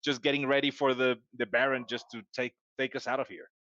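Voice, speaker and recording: A man's voice: mid-range voice, level tone, a little fast, bright, forceful tone, no echo, highs cut off. An easygoing man playing in a tabletop game, talking through his actions with a laugh. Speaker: player. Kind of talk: casual chat during a tabletop game.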